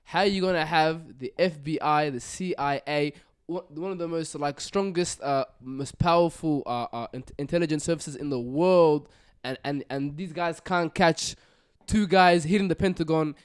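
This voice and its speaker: A man's voice: on the high side, normal speed, hardly any pauses, clean tone. A young man co-hosting a podcast, talking in casual chat, often restarting and ending lines with "cuz". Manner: hesitant, circles back with fillers and "cuz". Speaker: podcast co-host.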